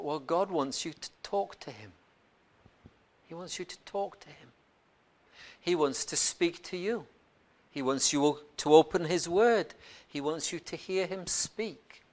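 A man preaching a sermon, earnest and conversational, moving from quiet reflection to loud emphatic points and often repeating words as he goes. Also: on the high side.

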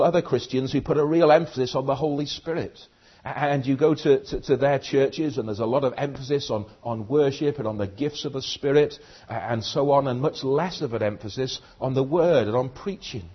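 A man's voice: mid-range voice, breathy edge, muffled recording. A man preaching a sermon, speaking earnestly and putting direct questions to the congregation.

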